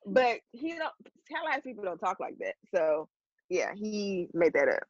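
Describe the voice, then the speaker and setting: A woman's voice: mid-range voice, big pitch swings, normal speed, a little mellow, no room sound. Woman, podcast host, casual rambling chat, laughs a lot, dry close sound, slightly dull lo-fi. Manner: chatty, rambling, laughs often.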